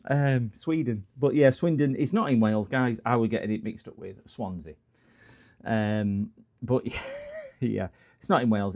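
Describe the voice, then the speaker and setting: A man's voice: medium pitch, darkish tone. A middle-aged man, chatting casually and joking with viewers as he hosts a repair livestream. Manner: jokey, rambling, answers chat comments.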